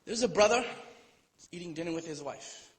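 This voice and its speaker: Before a live audience in a hall, an Islamic lecturer delivers a storytelling sermon at a moderate pace, his voice a little high for a man. He's relaxed and conversational, breaking off for playful asides and acting out quotes, and his words fade into a long reverberant tail.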